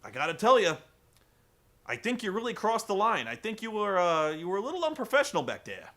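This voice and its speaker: A man putting on a preachy male commentator who stammers and hedges while scolding. His voice stays bright and lively in pitch. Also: heavily acted. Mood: disapproving. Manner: halting, stammering, lecturing.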